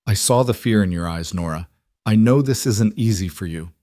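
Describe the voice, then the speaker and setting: A man's voice: on the low side, moderate pace, warm tone, dry recording, clean studio sound, natural voice. A man reading the part of a talkative, cheerful widowed frontier husband, speaking earnestly.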